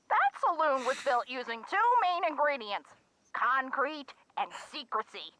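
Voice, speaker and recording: A woman's voice: on the high side, bright, forceful tone, no room sound, exaggerated voice, poor audio. An actress voicing an older woman in a video game, a gangster's former sweetheart, with a folksy, drawling manner.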